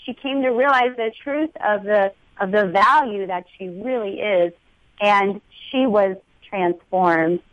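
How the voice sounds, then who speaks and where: A woman's voice: mid-range voice, unhurried, no echo, lo-fi sound. A woman guest on a talk show speaks earnestly and in an uplifting tone about spirituality, with some fillers.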